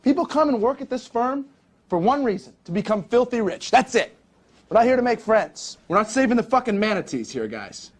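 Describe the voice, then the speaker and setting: A man's voice: expressive, moderate pace, long pauses, lightly acted. An actor in his twenties playing a brash, profane young stockbroker boss in a film monologue. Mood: boastful. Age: 20s. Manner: brash, profane recruiting pitch. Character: cocky young rich male broker, swaggering.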